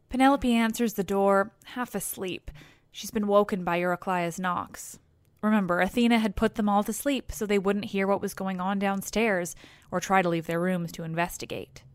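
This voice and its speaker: A woman's voice: mid-range voice, no echo. A woman retelling an ancient myth for a podcast in a casual storytelling style, with wry, playful asides. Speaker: podcast host and narrator.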